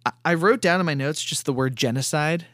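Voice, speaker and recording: A man's voice: on the high side, brisk, fairly bright tone, dry recording, clean studio sound. A man co-hosting a podcast, recapping a cartoon in casual, rambling chat and chuckling often. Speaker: podcast co-host.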